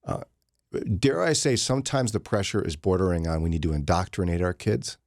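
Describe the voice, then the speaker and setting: A man hosting a morning radio show, telling joking stories in a casual, animated chat. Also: deep voice, brisk, gravelly, no echo, clean studio sound. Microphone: studio microphone.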